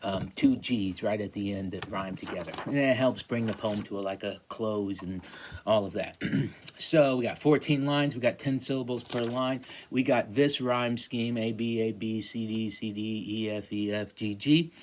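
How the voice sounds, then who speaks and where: Guy teaching class, lowish voice, lots of ums and restarts. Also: steady tone, slight background noise. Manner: halting, many ums and restarts. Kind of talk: classroom lecture.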